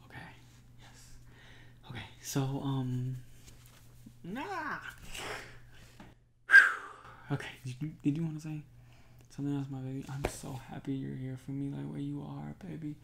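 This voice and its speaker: A man in a whispered role-play as an adoring boyfriend, soft and affectionate, often breaking into laughs and sighs. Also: mid-range voice, expressive, unhurried, creaky, long pauses, noisy background. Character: adoring boyfriend, emotional and overjoyed. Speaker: ASMR creator.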